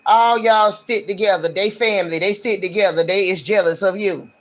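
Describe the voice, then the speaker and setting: Very high bright-voiced guy doing a tarot reading on a stream, blunt and slangy, rants a lot. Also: normal speed. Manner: blunt, ranting, slangy and emphatic. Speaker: tarot reader. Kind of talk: casual livestream tarot reading.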